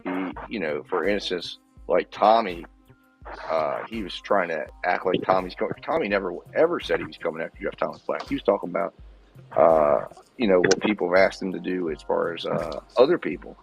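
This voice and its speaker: Low, gravelly, rambling man. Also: moderate pace, music in the background, rough recording. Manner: hesitant, rambling, many restarts. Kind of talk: casual live-stream talk.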